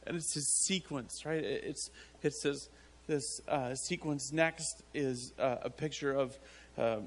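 Slow-talking male pastor preaching. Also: mid-range voice. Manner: halting, repeats words, breaks into laughter. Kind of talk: sermon.

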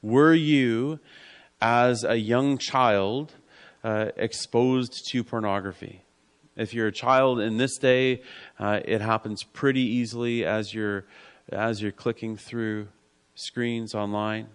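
A man preaching a sermon in an earnest way, repeating key lines and dropping to a soft hush. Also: lowish voice, steady tone, slow, smooth.

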